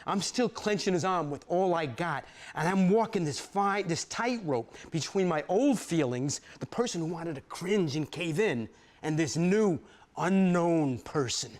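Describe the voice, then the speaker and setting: A man's voice: a little high, animated, a little slow, a little mellow. A man giving a dramatic first-person story reading, vivid and streetwise, peppered with "man" and profanity. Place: studio stage reading.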